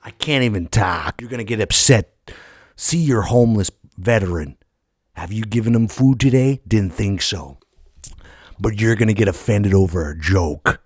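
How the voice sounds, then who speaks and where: Man doing a deep-voiced brash old ex-wrestler politician, husky, ranting, loud bursts then low mutters, dry sound. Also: animated, moderate pace, no echo. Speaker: podcast host. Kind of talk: comedic impression monologue.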